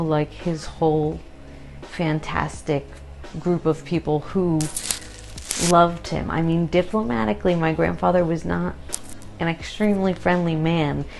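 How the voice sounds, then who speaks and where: A woman chatting casually about a kitchen renovation she did, telling stories in an animated way and laughing as she talks. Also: on the low side, gravelly. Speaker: home renovation vlogger. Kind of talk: casual chat.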